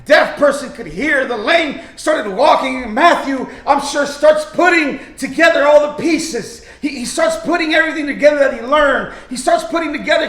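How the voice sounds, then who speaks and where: A man's voice: extremely high pitch, a bit bright. A male pastor preaching a sermon with fervor, often restarting his sentences and acting out quoted lines. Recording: echoey room.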